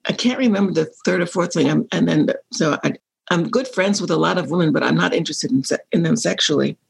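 A woman's voice: on the low side, fast, vocal fry, husky. A woman in her sixties, a guest telling personal stories candidly and acting out remembered dialogue. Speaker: interview guest. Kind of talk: personal storytelling in conversation.

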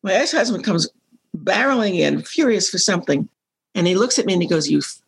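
A woman's voice: mid-range voice, animated, a little fast, vocal fry, breathy edge. A woman in her sixties, a guest telling personal stories candidly and acting out remembered dialogue. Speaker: interview guest. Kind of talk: personal storytelling in conversation.

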